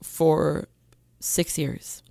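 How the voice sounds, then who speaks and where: A woman telling her life story as a podcast guest, speaking candidly and pausing often with "um.". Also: dark tone, dry recording, studio quality. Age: adult mother with several children. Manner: candid, frequent "um" pauses, acts out her past self. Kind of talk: personal testimony in a podcast interview.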